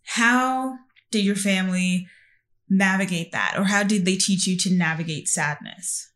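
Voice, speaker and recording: A woman's voice: mid-range voice, a little slow, fairly bright tone. Reflective woman in candid chat. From Canada. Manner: reflective, candid, asks probing questions. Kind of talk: casual conversation.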